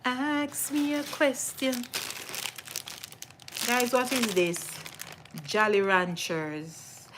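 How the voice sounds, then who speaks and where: Slow easygoing jamaican auntie chatting on her kitchen live, repeats stuff, bit of background hiss. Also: fairly high pitch, fairly even intonation. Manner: chatty, repeats herself, talks to her viewers. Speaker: cooking livestream host. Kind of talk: casual livestream chat. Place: home kitchen.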